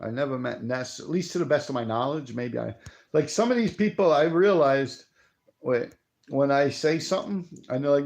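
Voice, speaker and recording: A man's voice: fairly high pitch, animated, a little fast, vocal fry, darkish tone. A middle-aged man, telling profane street stories on a live stream. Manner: profane, streetwise, answers viewer chat. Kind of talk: casual rambling storytelling.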